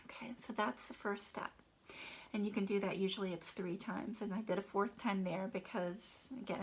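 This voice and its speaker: A woman guiding a tapping exercise, speaking affirmations in a soft, half-whispered breathy voice between plain explanations. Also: medium pitch, rough recording. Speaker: tapping coach. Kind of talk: guided tapping instruction.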